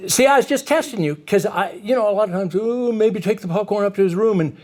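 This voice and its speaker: A middle-aged man with a notably high-pitched voice leads a lighthearted talk for parents. He acts out little family scenes and laughs at his own jokes as he goes. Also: brisk, darkish tone. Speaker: parenting and reading presenter. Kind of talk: humorous workshop talk to parents.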